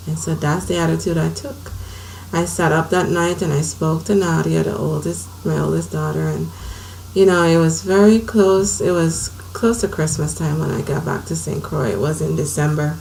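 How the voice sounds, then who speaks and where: Woman in her 30s telling her story, earnest, quiet hum in the room. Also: low voice, normal speed, creaky, rough recording. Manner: earnest, conversational, drifts softer at times. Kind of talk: personal storytelling to camera.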